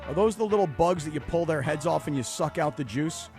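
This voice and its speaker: A man with a notably high speaking voice trades playful jokes on a morning sports radio show. His banter is relaxed and chatty, with music playing faintly under the talk. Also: fairly quick. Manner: playful, teasing.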